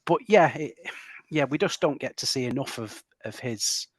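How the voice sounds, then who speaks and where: A man's voice: mid-range voice, animated, moderate pace, dry recording. A man hosting a film podcast, chatting casually with lots of restarts and tag questions. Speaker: podcast host.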